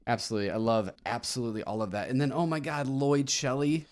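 A man's voice: mid-range voice, little pitch movement, fast. A man co-hosting a casual podcast, enthusiastic and rambling, often reading quotes aloud. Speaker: podcast co-host.

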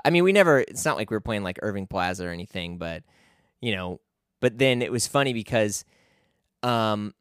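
A man's voice: fairly low pitch, smooth, no echo, studio quality. A young man talking casually as a podcast guest, telling a rambling story full of fillers and restarts.

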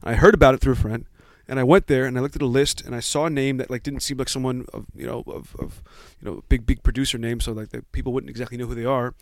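A man's voice: mid-range voice, steady tone, fast talker, hardly any pauses, no room sound. A man in his forties tells a long story in a casual, self-deprecating way. He stumbles over his words and restarts often. His voice sits mid-range and sounds dry and close. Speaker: guest.

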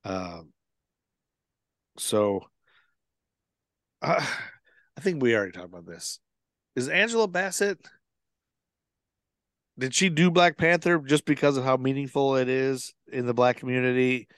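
A man's voice: medium pitch, normal speed, pauses often, dry recording, clean studio sound. A man co-hosting a podcast, casually recapping a film plot with lots of fillers and restarts. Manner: rambling, with many fillers and restarts. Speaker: podcast co-host.

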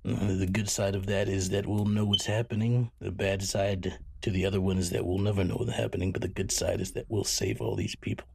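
A man's voice: sits low, little pitch movement, brisk, vocal fry, hardly any pauses, background noise. A man playing a tabletop game, talking through options in a hesitant way. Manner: deliberating, hesitant. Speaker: player. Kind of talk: casual tabletop play.

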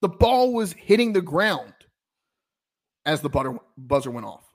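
A man's voice: fairly high pitch, unhurried. Southern man telling a sports story. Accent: Southern American. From American South. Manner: rambling, many restarts, animated storytelling. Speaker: podcast co-host. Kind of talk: casual sports chat.

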